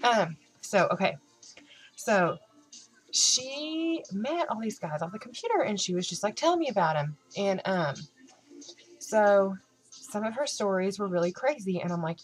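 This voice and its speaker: A young woman chatting in her vlog, telling a story and acting out both sides of the conversation in a lively way. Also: medium pitch, moderate pace, low-quality recording. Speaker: vlogger. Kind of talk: casual chat.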